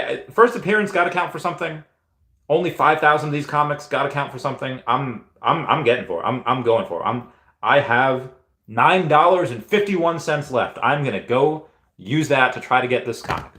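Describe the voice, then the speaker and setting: A man's voice: mid-range voice, fairly bright tone, echoey room. A man in his thirties, originally from Peru, chatting casually on a live stream and reading out comments, rambling with many restarts. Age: 30s. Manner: rambling, halting, lots of restarts.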